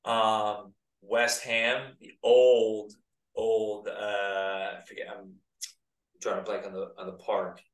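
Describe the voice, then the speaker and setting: A man's voice: on the low side, little pitch movement, slow. A man in his thirties from the United States, a former pro soccer player, chatting casually as a guest in a laid-back, rambling way. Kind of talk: casual interview chat. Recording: roomy, distant mic.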